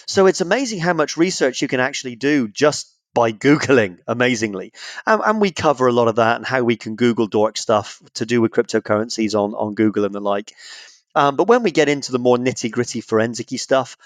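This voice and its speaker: A man's voice: mid-range voice, expressive, a little fast, dry recording. Jokey English man, dry close sound. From Britain. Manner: jokey, acts out phone calls in voices. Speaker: guest author. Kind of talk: casual podcast interview.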